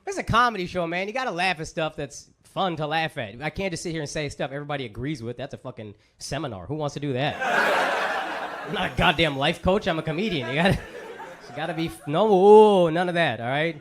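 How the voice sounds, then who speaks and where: A man doing stand-up comedy in a brash, profane, animated way before a live crowd. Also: fairly high pitch, fast, a little hiss or hum. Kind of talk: stand-up set. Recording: echoey club with loud crowd.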